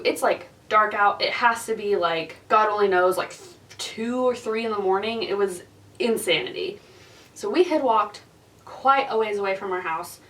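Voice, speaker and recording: A woman's voice: medium pitch, fairly bright tone, recorded from a distance, rough recording. A young woman vlogger telling a story in a casual, chatty way, full of fillers and laughs.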